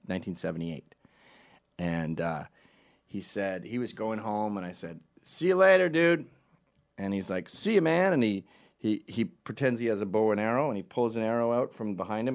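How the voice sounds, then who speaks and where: Middle-aged canadian guy telling a funny story, lowish voice that swings all over, acts out all the characters. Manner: animated, acts out every voice in the story. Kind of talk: comedic storytelling.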